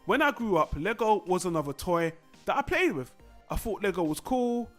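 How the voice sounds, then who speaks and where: A man's voice: high-pitched, very animated, moderate pace, a bit bright, faint music behind. A man hosting a casual chat show, talking in a rambling, conversational way with frequent restarts. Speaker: podcast host.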